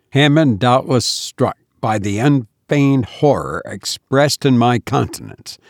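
Slow, solemn male story narrator. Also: mid-range voice, no echo, clean studio sound. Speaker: audiobook narrator. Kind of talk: first-person gothic story reading.

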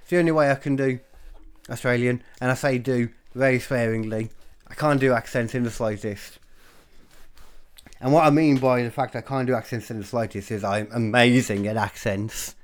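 A young man from the UK talking alone in a loose, rambling way. He swears freely and mocks himself, jumping from loud bursts to low mumbles. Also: steady tone. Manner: rambling, self-mocking, sweary, quick swings between loud and mumbled. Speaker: podcaster and stand-up comic. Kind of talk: casual solo chat.

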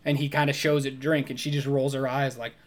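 A man's voice: mid-range voice, level tone, a little fast. A man co-hosting a podcast, chatting casually about a movie and animatedly acting out its scenes with voices and grunts. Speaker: podcast co-host. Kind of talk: casual movie review chat.

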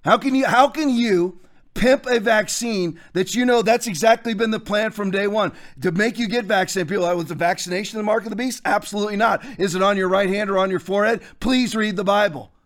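A man hosting a show, preaching commentary in a forceful, hectoring way with repeated phrases. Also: high-pitched, a little fast. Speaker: host.

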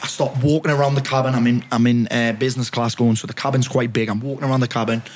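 A man's voice: medium pitch, little pitch movement, fast. A middle-aged man with a Geordie accent, telling a story as a podcast guest in a jokey, self-mocking way with plenty of swearing. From North East England. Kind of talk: animated storytelling.

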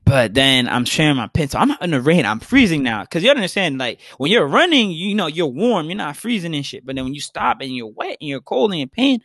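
A man's voice: a little high, very animated, a little fast, hardly any pauses, a bit bright, no echo. A young man, telling a story in casual podcast chat. He swears a lot and acts out his own past remarks. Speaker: podcast co-host.

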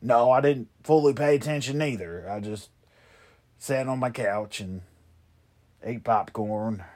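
A man hosting a comedy show, rambling and trading deadpan, profane insults in a one-sided phone call. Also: mid-range voice, a little slow.

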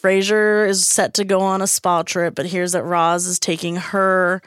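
A young woman co-hosting a podcast in casual chat, excitable and laughing often as she acts out quotes. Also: fairly low pitch, measured pace, clear, resonant tone, no echo, clean studio sound. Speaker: podcast co-host. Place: recording studio. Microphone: studio mic.

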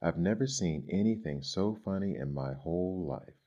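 A man's voice: lively intonation, moderate pace, dark tone. A man voicing a mischievous young shepherd boy who fibs out of boredom, in a storybook reading. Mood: gleeful. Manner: high boyish voice, crying out in alarm. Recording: dull lo-fi recording.

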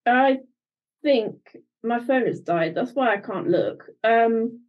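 Slow, hesitant higher-voiced woman, lo-fi mic. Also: expressive. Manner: hesitant, searching for words. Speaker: podcast co-host. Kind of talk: casual chat.

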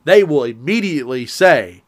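A man's voice: on the high side, expressive, normal speed. A man with a Southern Virginia drawl, co-hosting a casual chat and agreeing with short replies.

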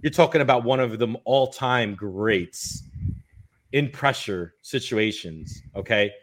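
A man co-hosting a casual sports talk show, animated and emphatic, tagging points with "right?" and "okay?". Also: mid-range voice. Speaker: co-host of a bowling talk show.

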